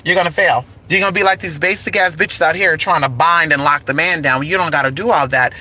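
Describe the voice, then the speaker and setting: A woman's voice: deep voice, fairly quick, sharp tone. A woman hosting a casual spiritual talk, sassy and campy, dropping "honey" and "girl" between sentences. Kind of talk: casual spiritual talk with singing along to music. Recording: faint music behind.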